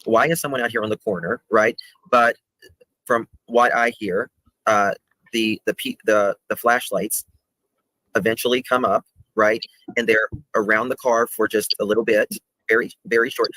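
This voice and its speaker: A man explaining a video on a call, halting and restarting as he walks through the footage. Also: on the low side, fairly even intonation, sharp tone, no echo, rough recording. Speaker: guest presenting a video.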